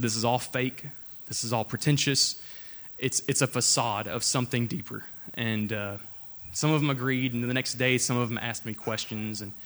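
A man's voice: mid-range voice, fairly bright tone. Young guy preaching, earnest and chatty, tells his own story then reads scripture, lots of restarts. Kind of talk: informal sermon with personal testimony.

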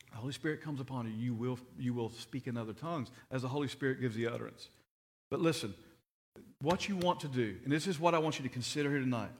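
A middle-aged man preaching a sermon, telling stories earnestly and often repeating his words. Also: mid-range voice.

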